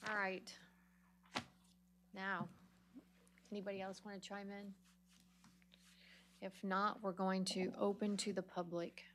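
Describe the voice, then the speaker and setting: Woman, meeting chair, brisk, procedural, flat delivery, faint hum. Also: mid-range voice. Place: county board meeting chamber.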